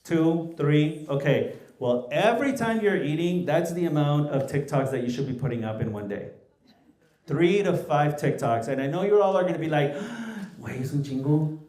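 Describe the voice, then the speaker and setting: Male panel guest, with asides, warm low tone, echoey hall. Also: moderate pace. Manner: mixes English and Mexican Spanish, lively anecdotes. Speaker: small business founder, panel guest. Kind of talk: animated panel storytelling.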